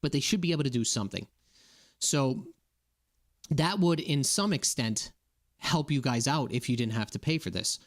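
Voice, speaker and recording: A man's voice: mid-range voice, animated, moderate pace, pauses often. A man from Massachusetts giving a casual, indignant rant to his viewers, often checking in with "okay?" and "right?". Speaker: political commentator.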